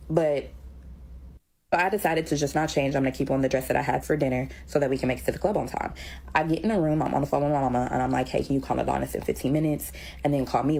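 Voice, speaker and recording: A woman telling a personal story in a quick, conversational way, acting out what people said. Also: low-pitched, darkish tone, slightly rough, low-quality recording. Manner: rapid, conversational, recounting dialogue.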